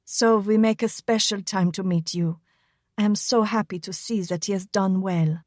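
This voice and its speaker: A woman voicing a warm young pregnant German housewife who speaks soft, broken English with a German accent. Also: mid-range voice, fairly even intonation, moderate pace, no room sound, studio quality, natural voice. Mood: friendly.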